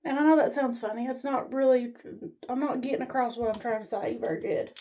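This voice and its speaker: A woman's voice: a little high, a little fast, dark tone. A woman vlogger giving a blunt, rambling, folksy motivational talk to her camera, standing as she films herself. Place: standing while filming herself.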